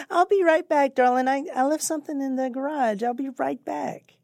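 A woman putting on the voice of a man who fakes being a sweet, cheerful father at the dinner table, in a high, sugary, sing-song tone. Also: measured pace, vocal fry, a little mellow, dry recording, clean studio sound.

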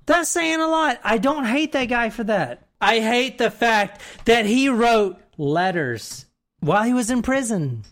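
A woman casually talking through a true-crime story on a podcast, animated and profane, mocking the killer in put-on voices. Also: a little high, measured pace. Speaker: podcast co-host.

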